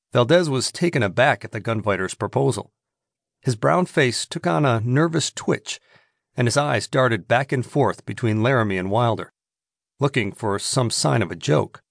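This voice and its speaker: A man narrating a western audiobook in a steady, measured storytelling manner. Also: mid-range voice, vocal fry, dry recording, studio quality.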